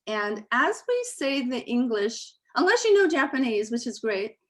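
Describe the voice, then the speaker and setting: Over a video call, a woman with a fairly high voice leads a Reiki meditation circle, speaking gently and hesitantly with many fillers. Then she recites the principles in a slow, calm way.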